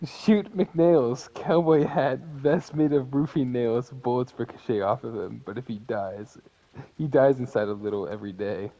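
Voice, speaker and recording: A man co-hosting a comedy show, reading game text aloud with animated, theatrical emphasis and frequent laughter. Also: medium pitch, normal speed, lo-fi sound. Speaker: co-host reading out a game's results. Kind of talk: comic read-aloud.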